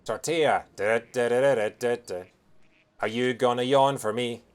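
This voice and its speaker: A man giving casual gameplay commentary as a let's play host, excitable and chatty, humming tunes and cracking jokey asides. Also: mid-range voice, normal speed, clear, resonant tone.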